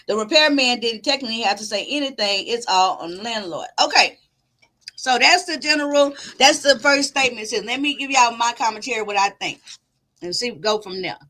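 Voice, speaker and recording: Hosting a commentary channel, a woman with a fairly high, pushed, bright voice reads out viewer comments and responds with her own take. Her manner is easygoing as she talks things through with her audience.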